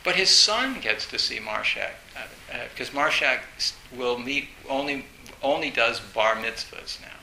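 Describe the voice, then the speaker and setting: A man giving an informal dharma talk as a Zen teacher. He speaks haltingly and grows more animated as he retells a story. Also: medium pitch, vocal fry. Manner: halting, storytelling, recounts a film with rising animation. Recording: roomy echo with faint hiss.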